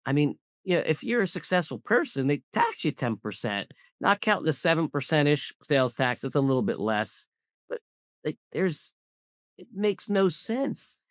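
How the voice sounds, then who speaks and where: A man's voice: a little high, sing-song, normal speed, a bit bright, no room sound, clean studio sound. A man from Southwest Philadelphia, a business founder being interviewed, talking bluntly and emphatically and repeating points for stress. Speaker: guest, cybersecurity business founder. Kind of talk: casual interview talk.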